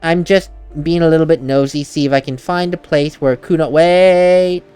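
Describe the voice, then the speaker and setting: A man's voice: a little high, fairly even intonation, normal speed, darkish tone, smooth, soft background music. A man giving casual gameplay commentary as a let's play host, chatty and laughing at himself, at a desk mic at home.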